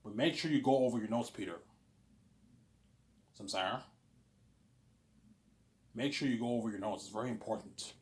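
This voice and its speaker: Speaking at a normal speed with long pauses, a man with a fairly low, darkish voice hosts a casual monologue. He rambles about an imagined film plan, often saying "obviously" and pleading emphatically.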